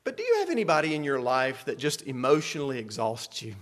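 A male pastor preaching a sermon into a close microphone, moving between quiet asides and dramatic shouted passages. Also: mid-range voice, huge pitch swings, fast talker. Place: church sanctuary.

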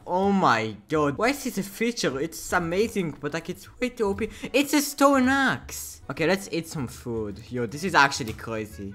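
Excitable young guy yelling over gameplay. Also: mid-range voice. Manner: excitable, yelps and laughs, casual slang. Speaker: gaming YouTuber. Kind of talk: Minecraft gameplay commentary.

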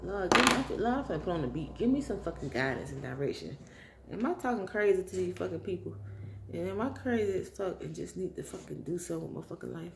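A woman vlogger rambling in a casual monologue, musing and swearing, sighing often and sometimes dropping into soft whispers. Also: lowish voice, expressive, fast, gravelly. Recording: echoey room with background noise.

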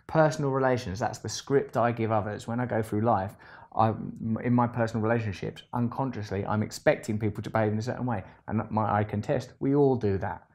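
A man telling a rambling storytime monologue, animated and self-deprecating, swinging between loud bursts and low asides. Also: fairly quick. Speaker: vlogger.

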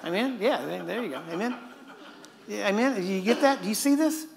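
A man's voice: high-pitched, expressive, brisk, gravelly. A middle-aged man preaching a sermon in a conversational way, often asking his listeners "Amen?" and acting out the voices he quotes. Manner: acts out quoted voices and chuckles mid-point.

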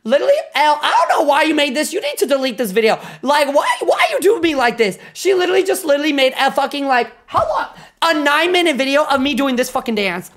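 Excitable, foul-mouthed young woman streamer. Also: sits high, fast talker, few pauses. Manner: excitable, swears constantly, bursts into loud laughter. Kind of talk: casual livestream reaction chat.

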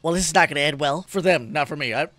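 A man hosting a let's play of a racing game, excitable, yelping and cursing at the game and joking about his own driving. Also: fairly high pitch, quick pace. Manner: self-deprecating joking. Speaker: gaming video host. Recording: game music behind.

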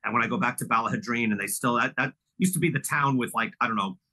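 A man's voice: mid-range voice, quick pace, pushed and bright, low-quality recording. A middle-aged man from Long Island, New York, reminiscing casually as an interview guest, rambling with lots of fillers and restarts. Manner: rambling, full of "you know" fillers and restarts.

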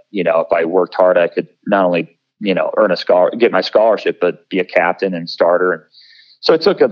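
Low-voiced man telling stories, halting. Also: dull audio. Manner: halting, many restarts and fillers, lively when quoting others. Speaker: guest, former college football player. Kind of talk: conversational interview storytelling.

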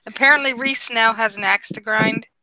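A woman's voice: a little high, moderate pace, heavy background noise. A woman chiming in with teasing remarks and giggles in a casual group video chat.

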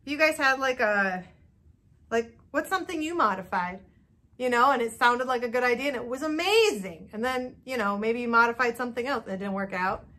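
A woman's voice: a little high, expressive, a little fast, bright, forceful tone. A woman hosting a knitting video, chatting casually and nervously to camera with lots of fillers. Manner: chatty and self-doubting, many fillers. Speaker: knitting podcast host.

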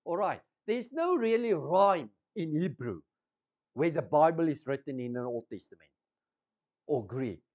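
Man preaching slow, lively up and down voice, keeps repeating words and checking people follow. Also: on the high side, highs cut off. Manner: slow teaching, repeats key words, asks the congregation questions. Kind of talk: sermon.

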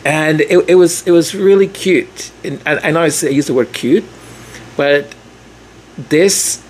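A male vlogger chatting through his commentary at a slow, easy pace. His voice sits a bit high for a man, and he keeps stringing thoughts together with "like". A faint hum of room noise sits behind him. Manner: chatty, leans on "like" and restarts. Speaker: commentary channel host. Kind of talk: casual vlog commentary.

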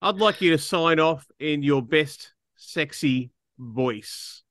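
Bright-voiced teasing podcast host, a man. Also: on the high side, slow pace. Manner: teasing, prompting questions. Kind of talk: casual chat.

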